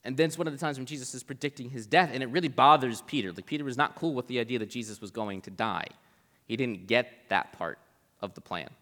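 A young preacher talks through a Bible passage in a loose, conversational way, full of "like" and quick asides. His voice sits at an ordinary middle pitch for a man. A long reverb trails behind him, as in a large hall. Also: fairly bright tone. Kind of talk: casual Bible teaching.

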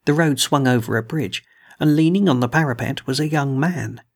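Gravelly, husky male storyteller. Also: mid-range voice, moderate pace. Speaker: audiobook narrator. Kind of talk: scripted narration of a novel.

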